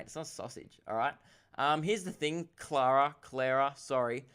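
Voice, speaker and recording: A young Australian man hosts a casual comedy podcast and rambles through listener questions. He mocks himself and throws in quick asides. His voice sounds smooth and clear. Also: medium pitch, fairly bright tone. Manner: rambling, self-mocking, quick asides and laughs.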